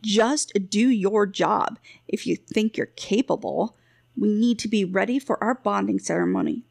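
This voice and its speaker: A woman's voice: medium pitch, unhurried, vocal fry, a little mellow, dry recording, clean studio sound. A woman reading a fantasy audiobook, voicing a blunt, exasperated female healer who scolds with open scorn. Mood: scornful.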